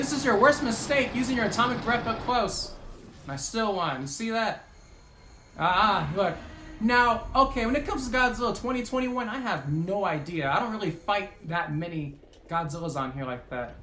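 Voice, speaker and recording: An excitable gameplay commentator talking casually over a match, swearing freely and shouting at big moments. His mid-pitched voice sits in an echoey room with a faint hiss behind it. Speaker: gaming commentator.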